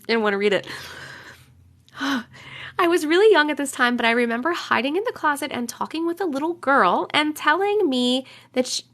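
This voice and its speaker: A woman's voice: high voice, expressive, normal speed, long pauses, fairly bright tone. A woman live-streaming from home, chatting with viewers and reading their stories aloud, swearing casually and laughing as she reacts. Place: home room, alone.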